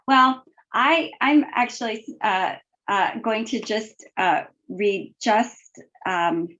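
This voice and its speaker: A woman physician, a guest author, reading her own writing aloud in a measured, deliberate way. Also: medium pitch, a bit bright. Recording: muffled, lo-fi webinar audio.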